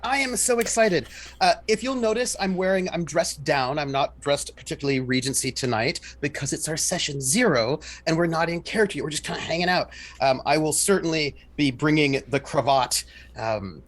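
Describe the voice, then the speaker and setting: Brief: excited facilitator, mid-pitched, jokey banter. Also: normal speed. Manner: enthusiastic, jokey. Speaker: game facilitator. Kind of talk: casual chat.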